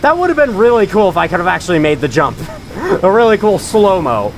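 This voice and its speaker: Lively-pitched man narrating his gameplay. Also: a little fast, background noise. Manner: chatty, joking, laughs often. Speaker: let's play host. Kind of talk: gaming commentary.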